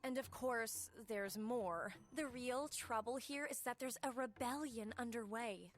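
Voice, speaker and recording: A woman's voice: a little high, measured pace, close to an everyday voice. An actress voicing an eager young female genie sidekick who fawns over her master, over faint game music. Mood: chirpy. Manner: chirpy, fawning, calls player master.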